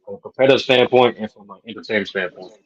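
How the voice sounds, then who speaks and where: A man's voice: lowish voice, racing, dull audio. A man hosting a sports podcast, asking questions in a rambling, casual way full of fillers. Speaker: podcast host.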